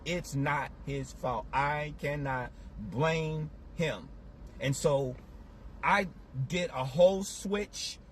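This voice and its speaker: A man's voice: fairly high pitch, slight background noise. A man giving a live, preachy motivational business talk, repeating his points with emphasis, from his car. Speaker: business coach.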